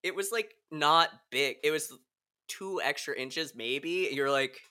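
A man's voice: on the high side, a little slow, bright, forceful tone. A young man hosting a podcast, chatting in a giggly, gossipy way with lots of fillers. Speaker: podcast host. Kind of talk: casual chat.

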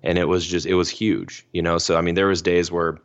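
A man's voice: sits low, flat delivery, brisk, muffled recording. A young man telling a personal story on a podcast as a guest, casual and slangy, full of "like" and "you know".

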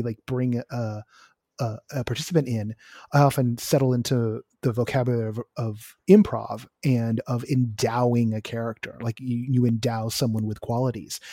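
A man co-hosting a casual podcast, rambling and laughing as he talks. He sounds a bit loopy after a flu shot. His voice is mid-pitched and dry. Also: mellow, husky, dry recording. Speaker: podcast co-host. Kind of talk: casual chat.

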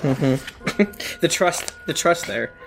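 A woman playing a tabletop game, talking casually in a playful, expressive way. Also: low-pitched, drawn-out words, vocal fry, soft background music. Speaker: player.

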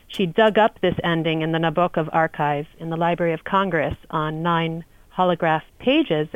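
A woman, a literary editor, answering interview questions in a measured way with frequent hesitations. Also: fairly low pitch, dry recording, lo-fi sound. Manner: measured, many ums. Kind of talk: podcast interview.

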